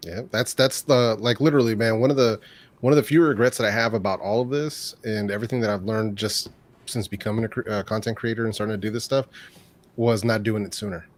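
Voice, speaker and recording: A man co-hosting a casual podcast as a content creator, often chiming in with quick agreement. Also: fairly low pitch, fairly even intonation.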